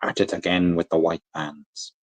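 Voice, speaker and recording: A man's voice: low-pitched, flat delivery, moderate pace. A man hosting a casual livestream, rambling and chatting with viewers, full of fillers and restarts. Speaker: livestream host. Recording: dull lo-fi audio.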